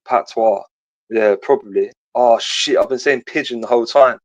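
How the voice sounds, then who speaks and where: A man's voice: medium pitch, fairly quick, no room sound, lo-fi sound. A young man, a radio caller chatting casually in a slangy, rambling way with lots of swearing. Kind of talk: casual phone-in chat.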